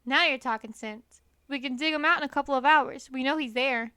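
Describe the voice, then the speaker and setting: A fat, cross farmer from a children's storybook, grumbling as he goes, as a woman reads him aloud. The voice is bright, close and dry. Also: high-pitched, fairly quick, dry recording. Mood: eager.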